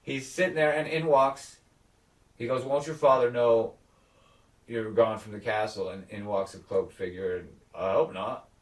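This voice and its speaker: His voice is lowish and moderately paced, echoing in a room and far from the microphone. As a co-host recapping a TV episode in a relaxed chat, he gets animated, voices the characters, and swears frequently.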